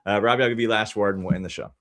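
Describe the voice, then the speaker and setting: Blunt low-voiced male host. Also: steady tone, very fast, fairly bright tone. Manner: blunt, wraps up segments. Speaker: show host. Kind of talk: casual sports betting chat.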